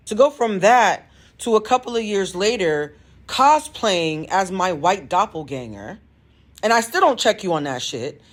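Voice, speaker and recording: A woman who works as a tarot reader and coach, telling a personal story in a direct, emphatic way. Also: medium pitch. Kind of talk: storytime monologue.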